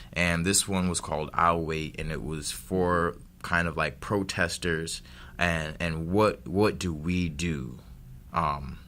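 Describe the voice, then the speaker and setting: A young man from the States speaks as a radio guest with a bright, forceful tone. His talk is loose and rambling, full of "um" and "you know" as he feels his way through each thought. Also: extremely low pitch, slight background noise. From United States. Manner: easygoing, rambling, with many fillers. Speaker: guest poet. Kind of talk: casual radio interview. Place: radio studio.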